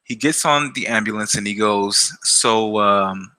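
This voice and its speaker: A man with a low voice and a very bright, forceful tone tells a personal story to camera. He talks casually and hesitantly, stumbling over restarts and filling pauses with um and uh. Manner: hesitant, many fillers and restarts. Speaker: gaming YouTuber.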